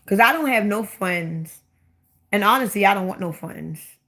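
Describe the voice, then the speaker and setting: A livestream host older than 25 with a Baltimore accent has a medium-pitched, fairly bright voice, lively intonation and a moderate pace. Chatting casually on her own stream, she's blunt and expansive, repeatedly asking the same questions for emphasis.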